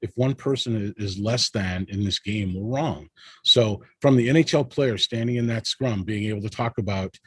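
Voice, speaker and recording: A man's voice: lowish voice, normal speed, husky, no room sound. A man speaking as a panel guest in an impassioned discussion, emphatic and rallying, often tagging his points with "right?".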